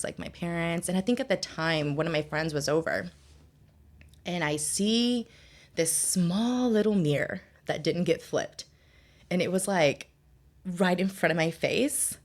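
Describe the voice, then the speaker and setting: A young adult woman appears as a podcast guest, sharing a personal story candidly and conversationally with heavy use of "like." Her voice sits fairly low and moves at a measured pace.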